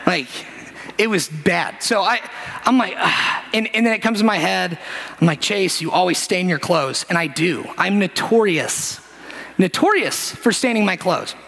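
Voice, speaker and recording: A man's voice: sits high, lively intonation, normal speed, creaky, a bit bright. A young man preaching a sermon in a conversational, self-deprecating storytelling manner, getting emotional and close to tears. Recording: music playing behind.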